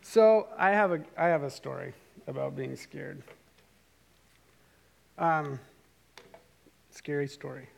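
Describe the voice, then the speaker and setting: A middle-aged man telling a story casually to a live audience, animated and self-amused, with rambling asides. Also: a little high, creaky. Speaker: speaker telling a story to a group.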